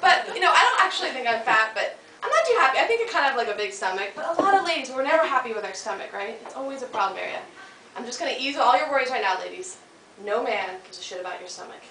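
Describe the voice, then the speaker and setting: A woman's voice: a little high, sing-song, very fast, bright, forceful tone, a little hiss or hum. An American woman performing a stand-up comedy set, chatty and playful, teasing the crowd and putting on silly voices. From United States. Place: comedy club stage. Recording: echoey club, mic heard from a distance. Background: audience laughter.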